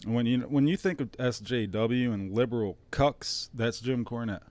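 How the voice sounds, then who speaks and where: A man's voice: mid-range voice, moderate pace, darkish tone, dry recording. Sarcastic, profane man with a Detroit accent. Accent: Detroit area. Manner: sarcastic, profane, mock-emotional. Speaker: streamer host. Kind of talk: casual rambling monologue.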